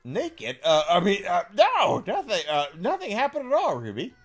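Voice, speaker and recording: A man's voice: high voice, wildly swooping pitch, moderate pace, faint music behind, pitched above the performer's own voice, full character voice. A man doing a stammering, flustered young hero. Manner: stammering, nervous.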